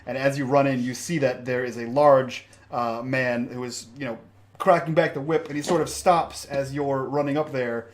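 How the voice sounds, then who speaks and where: A man's voice: mid-range voice, steady tone, a little hiss or hum. Guy running a tabletop game, lots of ums, plain mid voice. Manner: halting, with many ums and uhs. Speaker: game master.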